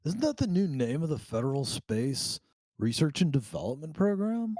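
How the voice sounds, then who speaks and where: A man's voice: fairly high pitch, big pitch swings, normal speed, dark tone, a little hiss or hum. A man voicing a sarcastic young male defense lawyer in an amateur game reading, with wry, drawling asides.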